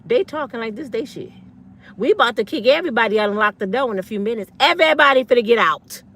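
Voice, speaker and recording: A woman's voice: fairly high pitch, animated, fast, a bit bright. Fiery, blunt woman in her fifties. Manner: blunt, fiery, profane, slangy. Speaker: online commentator. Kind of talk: ranting monologue.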